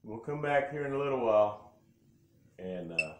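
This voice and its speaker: A man on a paranormal investigation, gently asking repeated questions to a spirit. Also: mid-range voice, animated, moderate pace. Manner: coaxing, asks soft repeated questions. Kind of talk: talking to a spirit during an investigation. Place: old log cabin museum indoors. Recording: roomy, noisy field recording.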